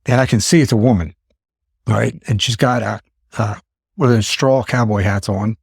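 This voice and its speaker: A man's voice: fairly low pitch, fairly even intonation, moderate pace, vocal fry, breathy edge, no room sound, clean studio sound. A man in his fifties, a podcast host telling a story in casual chat and acting out his own thoughts in exclaimed asides. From Pennsylvania. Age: 50s.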